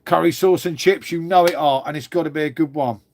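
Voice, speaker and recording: A man's voice: on the high side, a little fast, a little mellow, a little hiss or hum. A middle-aged English man with an English accent hosting a casual livestream, chatting with viewers in a matey way. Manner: chatty, matey, says "mate" a lot. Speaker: livestream host. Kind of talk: casual live chat reading viewer comments.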